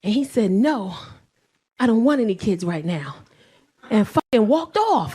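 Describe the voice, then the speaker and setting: A woman in her forties doing profane stand-up comedy, telling animated stories with loud shouted bursts. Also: mid-range voice, measured pace, long pauses, breathy edge. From Belizean and Nigerian heritage. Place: comedy stage with live audience.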